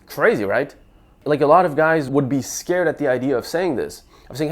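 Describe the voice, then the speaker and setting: Young man giving lively dating advice. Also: fairly high pitch, moderate pace. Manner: lively, stammers and restarts, acts out sample lines. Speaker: dating coach. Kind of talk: casual advice talk to camera.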